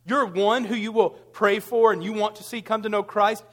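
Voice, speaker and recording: A man's voice: sits high, fairly even intonation, moderate pace, fairly bright tone, long reverb tail. A man preaching a sermon, building to emphatic rhetorical questions. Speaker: pastor.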